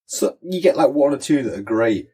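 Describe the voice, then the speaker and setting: A man's voice: medium pitch, animated, moderate pace, mellow, breathy edge. A man co-hosting a podcast, bantering in a dry, teasing and pedantic way. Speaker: podcast co-host. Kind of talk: casual banter.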